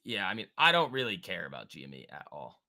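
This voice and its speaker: Reacting to charts and viewers, this stock market livestream host keeps things casual and jokey. He speaks quickly in a low, bright, forceful voice, his pitch swooping wildly.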